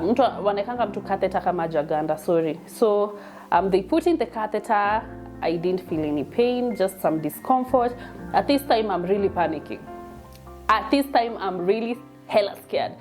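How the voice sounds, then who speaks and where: Chatty Kenyan woman, mellow voice. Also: mid-range voice. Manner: mixes English and Swahili, chatty and emotional. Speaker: vlogger telling her birth story. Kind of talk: casual personal storytelling.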